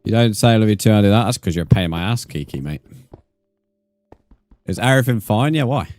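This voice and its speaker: Bloke streaming a game, low voice, chatty and sweary, bit of quiet music behind. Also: male voice, animated, fast talker, no room sound. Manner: chatty, swears freely, teases viewers. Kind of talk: casual gameplay commentary with viewer chat.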